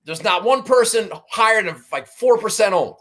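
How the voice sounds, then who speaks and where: A man with a notably high-pitched voice runs through his golf betting picks in loose, rambling chat. He swears freely and mocks himself as he goes. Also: animated, normal speed, sharp tone. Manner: profane, rambling, self-mocking. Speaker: golf betting podcast host. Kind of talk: casual chat.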